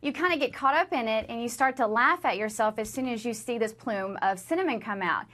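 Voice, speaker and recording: A female radio host appearing as a guest, telling her story with animation. Her voice sits a little higher than most women's. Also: fairly quick, a bit bright. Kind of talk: talk show interview.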